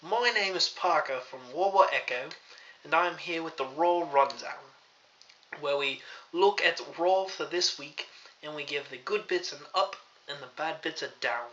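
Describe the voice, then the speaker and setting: A man's voice: on the high side, measured pace, bright, forceful tone, a little hiss or hum. A man hosting a video while putting on a clumsy fake British accent. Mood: playful. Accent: put-on British. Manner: self-aware, admits the accent is poor. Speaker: host. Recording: dull lo-fi recording.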